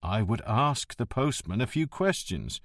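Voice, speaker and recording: A man's voice: mid-range voice, big pitch swings, a little slow, fairly bright tone, dry recording, studio quality, heavily acted. Man doing a biting, theatrical police inspector. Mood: reasoning. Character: cunning, hot-tempered male police inspector.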